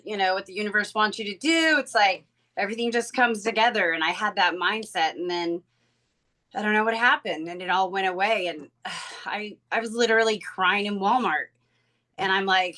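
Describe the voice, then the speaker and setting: Woman, bright and sharp tone, earnest and confiding on a video call. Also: mid-range voice, moderate pace. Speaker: real estate agent. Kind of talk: candid sharing on a group call.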